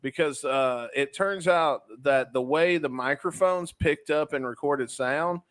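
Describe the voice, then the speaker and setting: A man's voice: a little high, a little slow, fairly bright tone. A man co-hosting a podcast in casual chat, explaining things at length and often repeating himself. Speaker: podcast co-host.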